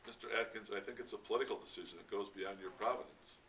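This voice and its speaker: A man doing a hurried, dismissive diplomat. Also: low voice, sharp tone. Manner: quick, dismissive. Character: hurried male embassy diplomat. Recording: distant mic, faint background noise.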